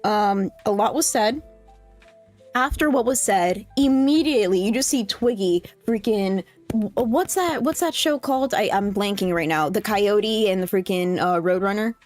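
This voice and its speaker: A woman co-hosting a casual livestream, playful and rambling, with frequent halting restarts. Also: mid-range voice, a little mellow, faint music behind.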